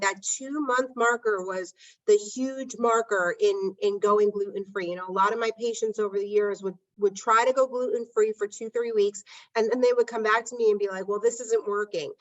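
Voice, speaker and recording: A middle-aged woman hosting a podcast, telling a personal story in a chatty way and often adding "right?". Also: mid-range voice. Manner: chatty, frequent "right?" tag questions. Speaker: podcast host. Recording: dull sound, slightly distant mic.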